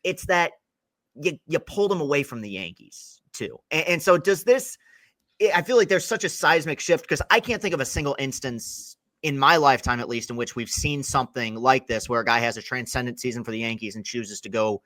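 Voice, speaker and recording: Young male podcast host, bright forceful tone, dry close mic, wordy and self-correcting. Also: mid-range voice, animated, fairly quick, dry recording. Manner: rambling, self-correcting, long wind-up questions. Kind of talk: casual interview podcast.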